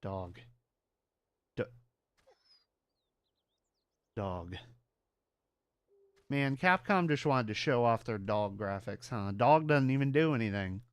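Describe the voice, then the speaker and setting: Animated, profane male game streamer. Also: medium pitch, moderate pace, hardly any pauses, smooth, no echo. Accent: mixed Southern US and New York. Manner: animated, profane, laughs often. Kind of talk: casual gaming commentary.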